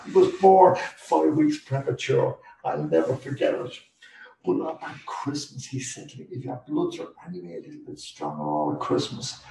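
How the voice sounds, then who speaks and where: A man's voice: mid-range voice, gravelly, darkish tone, roomy sound, distant mic, slight background noise, low-quality recording. An older Irish man giving an interview, telling his story in an earnest, emotional way and repeating phrases for emphasis. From Ireland. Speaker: guest.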